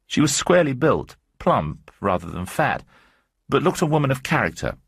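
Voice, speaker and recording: A man narrating a short story in a measured storytelling manner. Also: medium pitch, very animated, creaky, fairly bright tone, breathy edge, no echo, clean studio sound.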